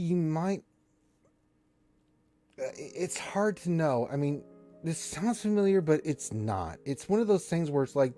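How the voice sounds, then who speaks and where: A man's voice: fairly high pitch, mellow. A man runs a tabletop game as game master, talking loosely with lots of fillers. He jokes with his players and sounds a little tipsy. Faint music plays behind him. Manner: loose, joking, rambling with fillers. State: a bit tipsy. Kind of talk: running a tabletop game, casual chat.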